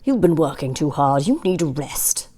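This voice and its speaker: A weary middle-aged husband who talks low and soothing, voiced by a woman reading the story. He keeps his voice hushed and steady while trying to calm things down. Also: moderate pace, husky, exaggerated voice.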